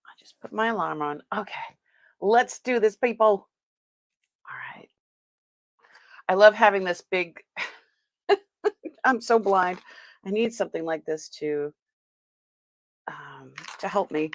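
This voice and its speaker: A woman's voice: medium pitch, takes it slowly, pauses often, dry recording. A woman hosting a live-stream sale, chatting as she unboxes and tests items, exclaiming often and laughing as she goes.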